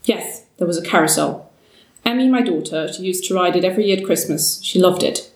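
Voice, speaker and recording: A woman's voice: lowish voice, a little fast, lightly acted. A woman voicing a grieving, weary old man who speaks in a trembling, sorrowful way, recorded from a distance in a roomy space. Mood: wistful.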